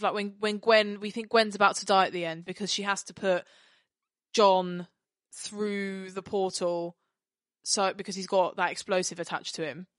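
Chatty, animated woman podcaster. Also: medium pitch, dry recording, studio quality. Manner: animated, apologetic, laughs often, rambling. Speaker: podcast co-host. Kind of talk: casual chat.

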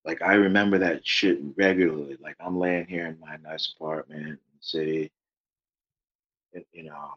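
Male guest, low husky voice, rambling storyteller who swears freely, dull lo-fi remote audio. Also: steady tone, moderate pace. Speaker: guest, author. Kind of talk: casual interview chat.

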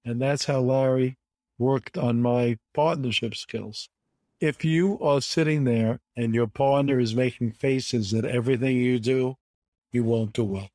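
A man in his seventies from the United States, a guest telling animated stories with emphatic repetition in an interview. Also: medium pitch, a little slow, no echo. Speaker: guest, bridge champion. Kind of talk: conversational storytelling interview.

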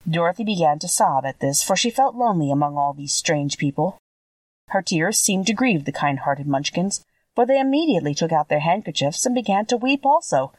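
Expressive woman reading a storybook. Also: fairly low pitch, brisk, no room sound, recorded from a distance. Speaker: narrator.

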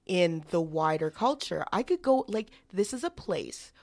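A woman's voice: lowish voice, animated, a little slow, darkish tone. A woman co-hosting a podcast, telling a story in a rambling, candid way with many restarts. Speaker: podcast co-host. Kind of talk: casual podcast chat.

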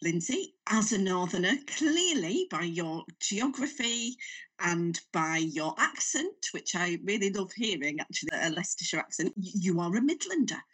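Guest: chatty Northern English woman, husky, slightly distant sound. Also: fairly low pitch, normal speed. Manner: animated, chatty storyteller. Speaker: writer and comedian guest. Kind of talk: casual podcast interview.

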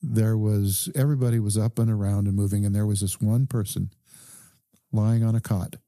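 A man, a doctor guest on a podcast, calmly telling a story and quoting the people in it. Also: lowish voice, no echo, clean studio sound. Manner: calm, measured recounting with quoted dialogue. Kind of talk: conversational storytelling.

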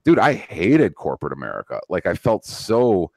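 Profane rambling man, low voice. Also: huge pitch swings, normal speed, gravelly, dry recording. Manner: profane, rambling, many restarts. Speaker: podcast host. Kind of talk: casual political chat.

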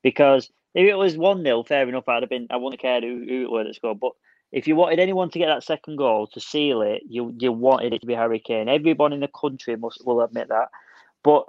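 A man's voice: mid-range voice, no echo. A man telling stories eagerly in a casual football podcast chat, often restarting his sentences. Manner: excitable storyteller, quick restarts. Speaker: podcast co-host. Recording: dull dry sound.

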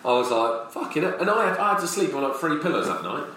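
Animated man, distant and echoey. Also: fairly high pitch, fast talker, slight background noise. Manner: animated, swearing banter with loud outbursts. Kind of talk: casual chat. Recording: very echoey room, distant mic.

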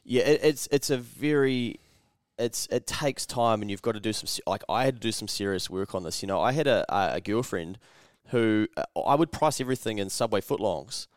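Swearing New Zealand man, smooth low voice. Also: brisk, few pauses, no echo, studio quality. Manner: blunt, swears freely, acts out quoted voices. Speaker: podcast host. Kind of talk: casual chat.

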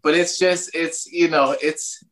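A man's voice: a little high, steady tone, a little slow, fairly bright tone. A man from Ireland with an American accent, a comedian guest in casual chat, rambling with many fillers and laughing easily.

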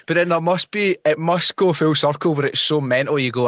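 A man's voice: fairly high pitch, a little fast, few pauses, a bit bright, no echo, clean studio sound. A Scottish man hosting a live podcast, asking questions in an enthusiastic, chatty way. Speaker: podcast host.

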